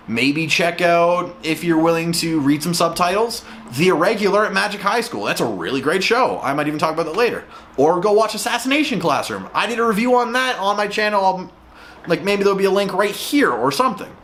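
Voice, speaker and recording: A man's voice: sits high, a bit bright. A man hosting a show-review vlog, ranting in an exasperated, profane way.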